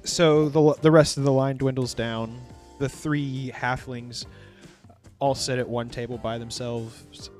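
A man narrating as game master of a tabletop role-playing game, in a relaxed, loose storytelling way. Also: medium pitch.

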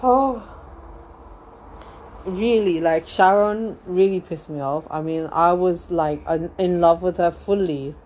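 A young woman hosts a casual gossip chat, rambling through her thoughts with many fillers and bursts of laughter. Her voice sits a little low and sounds warm and mellow. She takes her time, talking at an unhurried pace. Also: steady tone, a little hiss or hum. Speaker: podcast host.

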